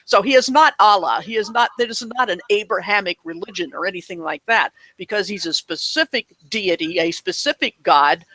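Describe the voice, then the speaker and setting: A man's voice: high voice, fairly quick, few pauses, bright, forceful tone, low-quality recording. A man in casual online talk, answering a question with earnest, rambling explanations and restarts.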